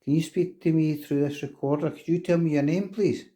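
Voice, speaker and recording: A middle-aged man on a ghost hunt, asking slow, coaxing questions to an unseen presence inside an old castle. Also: on the high side, steady tone, dark tone. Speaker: paranormal investigator.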